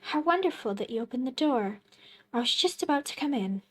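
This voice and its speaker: A woman's voice: high-pitched, animated, fairly quick. Woman voicing eerie polite stranger. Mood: smoothly insistent. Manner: soothing, overly caring, insistent. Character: eerily polite stranger, calm and unsettling. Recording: loud game music behind.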